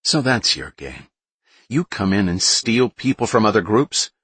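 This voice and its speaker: A man's voice: lowish voice, very animated, a little slow, a bit bright, slightly rough, no echo, voice pushed up, heavily acted. A man voicing a rude, suspicious bully who scoffs at what he hears, in an audiobook. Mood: accusing. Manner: blunt, scoffing.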